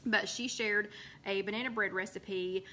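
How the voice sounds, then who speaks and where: A woman's voice: mid-range voice, fairly even intonation, a little slow, sharp tone, slight background noise. A woman hosting a live recipe chat from her home, rambling casually with lots of ums and greeting viewers by name.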